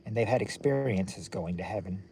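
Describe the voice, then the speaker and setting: An American man hosts a livestream from home at night, indoors with the lights on, chatting and rambling with viewers and restarting often. His lowish voice is warm and gravelly at a normal speed, with a faint hiss or hum.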